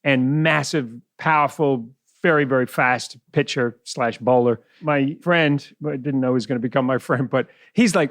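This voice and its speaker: A middle-aged New Zealander whose accent blends New Zealand and West Indian sounds appears as a guest on a casual podcast. His medium-pitched, fairly bright voice moves at normal speed with few pauses as he tells stories and laughs often. The recording is clean studio audio with no room sound.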